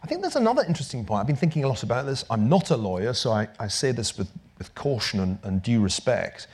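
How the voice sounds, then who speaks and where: A man's voice: medium pitch, fast, husky. Male speaker at a lectern; wry, emphatic, voice rising and falling a lot. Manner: dry wit, lively emphatic delivery. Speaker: lecturer. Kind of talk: public lecture and Q&A.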